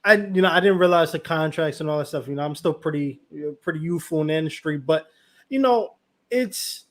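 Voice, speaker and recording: A man with a notably high speaking voice hosts a relaxed podcast conversation. He rambles through his points, stacking up "you know" fillers as he goes. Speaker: podcast host.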